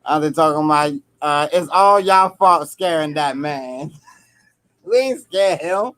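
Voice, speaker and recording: A man chats on a live spiritual stream, his voice sitting a touch high. He teases the audience in a playful, joking way and laughs often. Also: a little slow, a bit bright. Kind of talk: casual chat.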